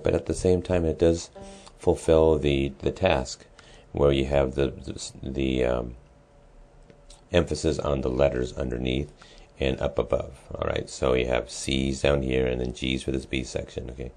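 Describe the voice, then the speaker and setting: A man's voice: rumbling low, steady tone, normal speed, darkish tone. A man, a music teacher, explaining an assignment in a casual, step-by-step way with frequent ums and restarts. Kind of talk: screen-recorded lesson walkthrough.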